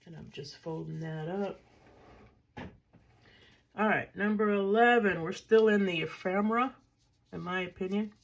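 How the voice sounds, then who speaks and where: Gravelly older woman chatting over crafts. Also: mid-range voice, unhurried, long pauses, a little hiss or hum. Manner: chatty, thinking aloud, dry self-mocking. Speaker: craft vlogger. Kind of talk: casual crafting show-and-tell.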